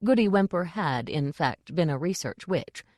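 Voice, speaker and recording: A woman reading a comic fantasy audiobook in an even, dry storytelling delivery on a close mic. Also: fairly low pitch, normal speed, no room sound. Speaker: audiobook narrator. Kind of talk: scripted audiobook narration.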